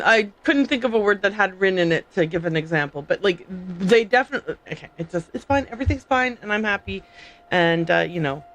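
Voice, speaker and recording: Animated, laughing woman streamer. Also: medium pitch. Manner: animated, laughing, playful storytelling. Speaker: streamer playing a story game. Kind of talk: casual livestream commentary.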